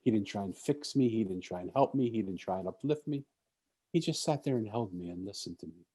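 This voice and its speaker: A man with a lowish, mellow voice giving an inspirational talk to a conference audience. He tells a personal story and voices the people in it as he goes. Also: animated, fairly quick, breathy edge. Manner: storytelling, acts out quoted speech. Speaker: speaker.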